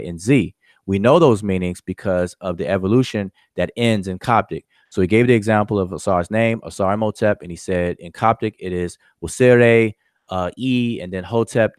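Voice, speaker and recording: Male lecturer, lowish voice, informal recap, methodical, dry room. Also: no echo. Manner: explanatory, methodical, with frequent fillers. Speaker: lecturer summarizing a discussion.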